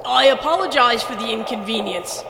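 A woman's voice: on the high side, normal speed, creaky, reverberant, in a large hall, noisy background. A woman voicing a stern male army brigadier who speaks in firm, clipped commands.

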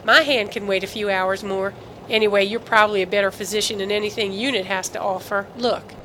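A woman reading the part of a protective male military officer in an audiobook, speaking in a measured, diplomatic yet firm way. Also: mid-range voice, steady tone, a bit bright, slight background noise, close to an everyday voice, poor audio.

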